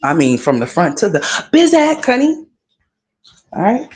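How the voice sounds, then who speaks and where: A woman's voice: medium pitch, wildly swooping pitch, unhurried, background noise. A woman hosting a casual gossip commentary livestream, sassy and profane, talking straight to her viewers.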